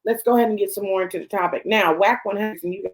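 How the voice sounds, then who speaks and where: A woman's voice: mid-range voice, steady tone, quick pace, soft background music. A woman hosting a celebrity gossip show, ranting bluntly and profanely, talking straight to the people she discusses. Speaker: host.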